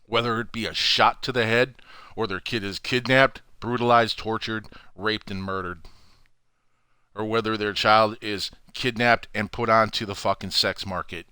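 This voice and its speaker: A man hosting his own channel, ranting furiously to camera from home with heavy swearing and loud outbursts. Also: on the low side, fairly even intonation, moderate pace, clear, resonant tone, dry recording, studio quality. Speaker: channel host. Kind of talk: angry profane rant to camera.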